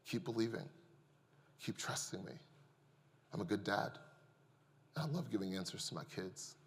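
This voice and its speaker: A pastor in his thirties preaching a sermon to his congregation, calling them "y'all" and moving from quiet reflection to loud, impassioned testimony. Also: lowish voice, normal speed, vocal fry, in a large hall. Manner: builds from hushed to loud and impassioned.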